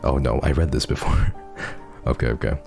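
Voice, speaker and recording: A soft-spoken, earnest man chatting casually on a stream while reading messages, laughing often and getting teary. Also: rumbling low, moderate pace, creaky, faint music behind. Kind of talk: casual chat reading donations.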